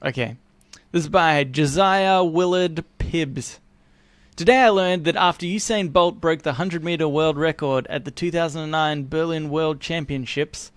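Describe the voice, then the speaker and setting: A man's voice: fairly high pitch, smooth, no echo. An Australian man co-hosting a podcast, reading posts aloud and chatting in an easygoing way, laughing often. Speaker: podcast co-host.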